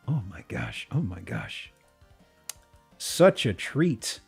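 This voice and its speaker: A man streaming live, chatting casually and excitably, often breaking into laughter and restarting his sentences. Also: medium pitch, unhurried, husky, soft background music.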